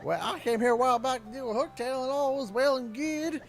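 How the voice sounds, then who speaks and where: A man's voice: very high voice, brisk, over music, pitched above the performer's own voice. A man voicing a cheerful middle-aged male turtle father in a game playthrough, folksy and upbeat. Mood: cheery.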